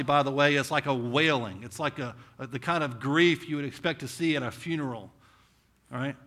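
Bright-voiced Southern preacher. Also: male voice, mid-range voice, a little fast. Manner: conversational preaching with rhetorical questions, swinging between intense and hushed. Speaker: pastor. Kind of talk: sermon.

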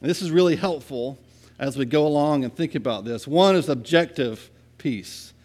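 Male pastor, fairly high voice, chatty sermon delivery, dips soft then pushes loud. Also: moderate pace. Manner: conversational, asks "right?" often, swings from soft to loud.

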